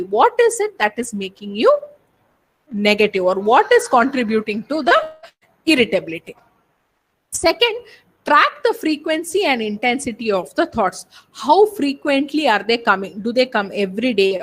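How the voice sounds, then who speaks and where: A woman speaking on a webinar call with an Indian English accent, giving students an emphatic, animated talk on handling exam stress. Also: high-pitched. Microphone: video call.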